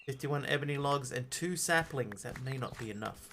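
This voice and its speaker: A man's voice: medium pitch, normal speed, fairly bright tone, slight background noise. A man streaming a game live, chatting casually and greeting viewers while he plays. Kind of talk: live gameplay commentary.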